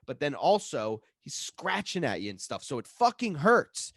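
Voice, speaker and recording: A man co-hosting a comedy podcast, telling a profane story with lots of swearing and shouted reenactments. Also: fairly high pitch, normal speed, slightly rough, no room sound, studio quality. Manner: profane, animated, acts out his own yelling. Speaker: podcast co-host.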